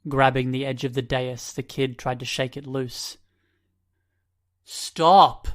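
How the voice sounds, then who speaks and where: Flat-voiced male audiobook narrator. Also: mid-range voice, normal speed. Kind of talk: scripted narration.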